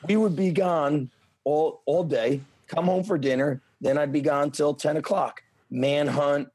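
A middle-aged man in casual chat, telling lively childhood stories with swearing and laughter. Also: fairly high pitch, measured pace.

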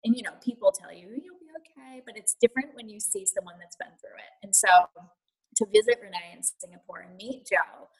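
Woman guest opening up on a podcast, husky breathy voice, candid. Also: medium pitch, a little fast, low-quality recording. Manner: candid and reflective, drops to a near whisper. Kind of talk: personal story on a podcast.

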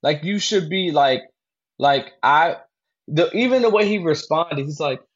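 A man's voice: fairly high pitch, lively intonation, measured pace, slightly rough, muffled recording. A man co-hosting a podcast, talking casually about a film and rambling with lots of fillers and restarts. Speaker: podcast co-host. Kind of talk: casual movie discussion.

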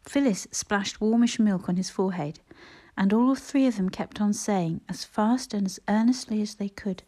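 Brief: woman narrator, mellow and warm, measured audiobook reading. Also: mid-range voice.

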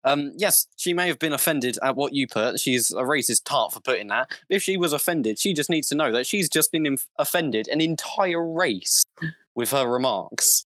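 A young man co-hosting a casual podcast over an online call, earnest and halting with many fillers. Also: mid-range voice, animated, a bit bright, no room sound. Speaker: podcast co-host. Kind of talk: casual opinion chat. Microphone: online call mic.

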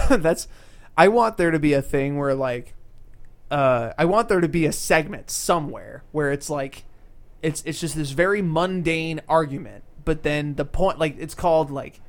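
A young man co-hosting a podcast in casual chat, animated and quick to get heated. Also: a little high. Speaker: podcast co-host.

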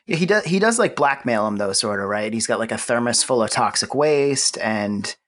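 A man with an average-pitched voice, recapping a film on a podcast. He talks in an easy, conversational way. His humor is dry. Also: lively intonation, normal speed, a bit bright. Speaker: podcast co-host. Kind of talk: casual movie-discussion chat.

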